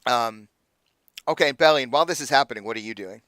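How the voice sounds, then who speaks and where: A man's voice: medium pitch, a little fast, fairly bright tone, no room sound, clean studio sound. A man running a tabletop game as game master, narrating loosely with lots of fillers.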